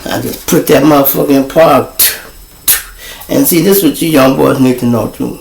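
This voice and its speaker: A man with a Chicago accent, hosting a livestream show and telling a profane, animated story to his viewers. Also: medium pitch, normal speed, creaky, roomy sound, poor audio. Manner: profane, animated, acts out quoted voices.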